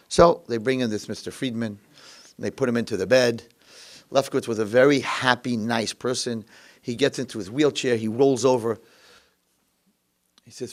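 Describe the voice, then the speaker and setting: A male rabbi telling a story in a dramatic, animated lecture. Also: mid-range voice, normal speed.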